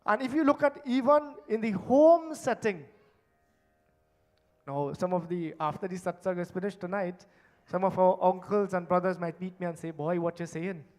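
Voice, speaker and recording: Male preacher, high voice, emphatic sermon delivery with hushed endings. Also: normal speed. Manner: emphatic, swinging between loud stresses and hushed low endings. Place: temple hall.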